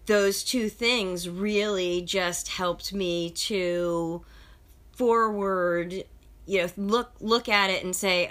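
A woman's voice: on the low side, takes it slowly. A woman in casual conversation, telling stories and acting out the people in them. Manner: animated storyteller, acts out quotes.

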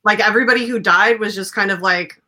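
A woman's voice: medium pitch, fast talker, bright, forceful tone. A woman co-hosting a casual aftershow podcast, blunt and profane. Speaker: aftershow co-host.

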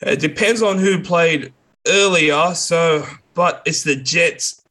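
Male co-host, higher and bright timbre, chatty, reasons aloud. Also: takes it slowly. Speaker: podcast co-host. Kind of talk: casual chat.

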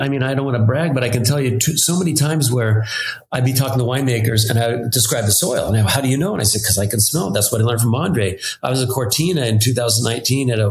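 An older man telling long, rambling stories in a friendly, chatty way, quoting other people's words as he goes. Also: mid-range voice. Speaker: winemaker. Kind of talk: anecdotal storytelling. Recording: roomy room with faint background noise.

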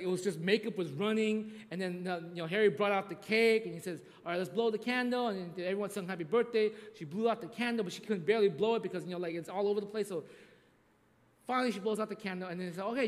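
A man's voice: sits high, big-room sound. A man preaching a sermon, telling a story in a conversational way with frequent restarts and tag questions. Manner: conversational, repeats "right?", restarts often. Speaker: pastor.

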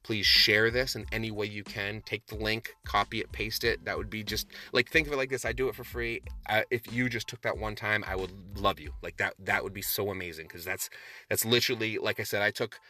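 A man's voice: fairly low pitch, fairly even intonation, bright, forceful tone. A man hosting a solo podcast, talking with passion and emphasis, often restarting his sentences. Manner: passionate, emphatic, talks fast with many restarts. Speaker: podcast host.

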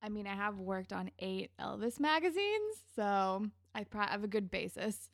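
A woman co-hosting a podcast, chatting in a relaxed, rambling way and laughing often as she recaps a TV episode. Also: mid-range voice, normal speed, no room sound, clean studio sound. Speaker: podcast co-host. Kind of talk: casual chat recapping a TV episode.

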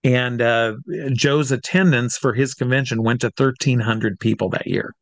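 A man telling a long, animated story in casual conversation, acting out what other people said along the way. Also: mid-range voice, normal speed, no room sound. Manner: animated anecdotes with acted-out quotes. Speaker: guest.

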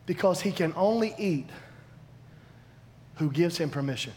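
A man preaching a sermon, animated and emphatic, swinging between loud declarations and hushed asides. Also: fairly high pitch, a little slow, pauses often. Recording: long hall reverb, faint background noise.

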